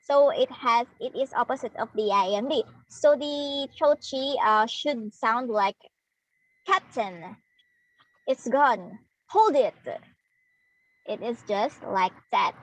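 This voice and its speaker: A young woman from the Philippines with a Filipino accent, giving a demo class lesson as a student teacher, explaining slowly with pauses and fillers. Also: a little high, poor audio. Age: young adult. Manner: slow, hesitant, explaining to students.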